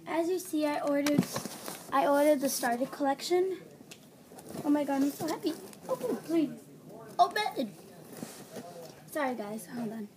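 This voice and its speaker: High, gushing female vlogger, noisy home audio. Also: measured pace, pauses often. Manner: gushing, gasping, breathless excitement. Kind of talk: excited doll unboxing vlog. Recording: home recording with background noise.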